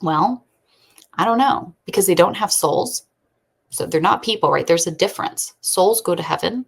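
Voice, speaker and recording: A woman in her thirties hosting a casual faith podcast from home, telling family stories with lively quoting and talking earnestly. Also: lowish voice, normal speed, gravelly, breathy edge. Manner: chatty storyteller, animated quoting, earnest faith talk. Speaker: podcast host and homeschooling mother. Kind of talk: casual chat. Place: at home during a thunderstorm.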